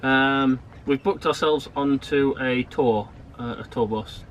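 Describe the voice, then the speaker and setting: A man co-hosting a sailing vlog, talking casually in a halting, rambling way with many restarts. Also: mid-range voice, slight background noise, rough recording. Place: outdoors in a harbour town and on a marina pontoon.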